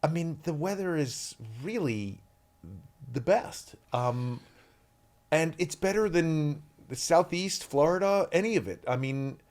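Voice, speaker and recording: A man in his fifties from the US East Coast, a guest actor chatting on a podcast and telling stories in an animated, rambling way. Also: fairly high pitch, a little slow. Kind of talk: casual podcast chat.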